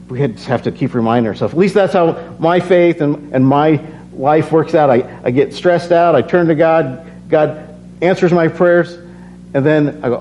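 A man's voice: fairly high pitch, expressive, moderate pace, darkish tone. A worn-out man giving a casual, earnest sermon, reading scripture and then telling personal stories, often repeating phrases as he builds. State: tired. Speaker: preacher. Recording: slightly dull recording with faint hum.

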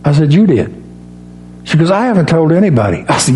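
A middle-aged man preaching a sermon in a folksy, storytelling way, acting out dialogue and rising in pitch on key points. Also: sing-song, a little fast, warm tone, slight background noise. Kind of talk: sermon with personal stories.

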